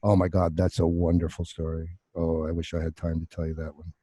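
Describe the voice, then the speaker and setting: An older man in his sixties tells stories over a video call with lively, profane energy. His voice sits lowish, dark and mellow, with a dry, close sound and no room around it. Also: a little fast, husky, dry recording. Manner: animated, profane raconteur. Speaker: actor, podcast guest.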